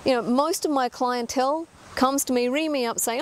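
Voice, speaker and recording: A woman's voice: high voice, normal speed, hardly any pauses. A middle-aged woman giving an earnest talk as an animal communicator, emphatic and full of rhetorical questions.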